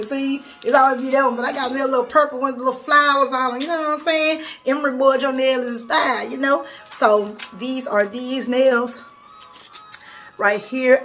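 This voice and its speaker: A woman's voice: sits high, fairly bright tone. A woman vlogging a nail haul from her bathroom vanity, chatty and gushing, often calling the viewers y'all. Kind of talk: casual haul video chat. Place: home bathroom vanity, seated.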